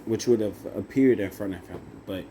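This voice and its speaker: A young man improvising a fan-fiction story out loud, halting with fillers and self-corrections. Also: fairly low pitch, slight background noise.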